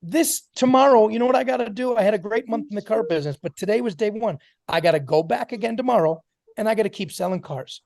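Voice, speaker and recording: A man's voice: high-pitched, creaky, a little mellow, no echo, clean studio sound. A man giving an emphatic motivational talk to a sales team on a video call, calling on listeners by name.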